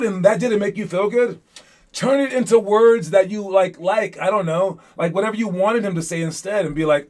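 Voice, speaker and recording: A man's voice: sits high, fairly quick, darkish tone. A young man coaching young basketball players in a casual, rambling motivational talk full of fillers and restarts.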